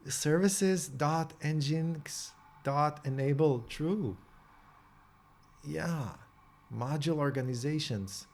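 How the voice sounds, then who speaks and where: Man thinking aloud while coding. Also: medium pitch. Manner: halting, thinking aloud with restarts and self-questions; reads documentation aloud in quick bursts. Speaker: programmer vlogger.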